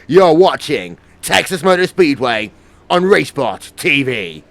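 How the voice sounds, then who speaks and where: High-voiced joking male race commentator. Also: big pitch swings, a little slow, gravelly. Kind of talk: sim racing commentary.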